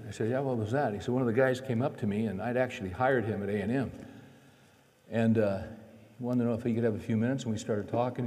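Man, sermon storytelling, conversational and folksy, mellow tone, long hall reverb. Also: medium pitch. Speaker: preacher.

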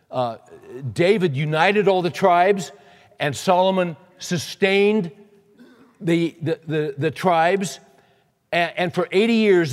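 A man preaching a sermon in a folksy, conversational way, reading scripture and talking plainly to the congregation. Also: fairly high pitch. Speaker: pastor. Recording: reverberant hall recording.

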